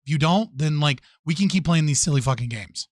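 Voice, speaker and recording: A man talks in a fairly high register, blunt and profane as he picks apart a debate clip. His close microphone sounds dry and present. The delivery is exasperated, casual stream commentary. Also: animated, brisk, no echo.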